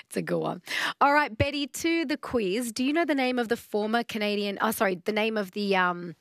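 A woman's voice: medium pitch, expressive, moderate pace, no echo, studio quality. A woman hosting a radio phone-in, friendly and encouraging as she chats and reads quiz questions. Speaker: radio host. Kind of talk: casual phone-in chat.

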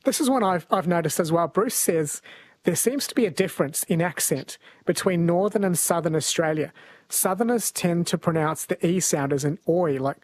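Brisk male talk radio host. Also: fairly high pitch, dry recording. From New Zealand. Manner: friendly, brisk, reads listener texts.

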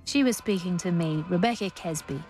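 A woman radio presenter reading scripted documentary narration in a measured, clear, composed way. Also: fairly low pitch, darkish tone, faint music behind.

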